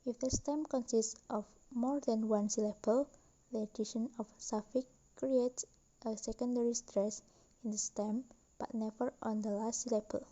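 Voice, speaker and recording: A young woman student slowly reading a class presentation with careful, deliberate delivery. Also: a little high, fairly even intonation, warm tone, muffled recording. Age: young adult.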